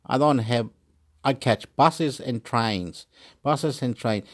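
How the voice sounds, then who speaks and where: Australian man, casual solo chat, rambling and repetitive, swears freely. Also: medium pitch. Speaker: vlogger.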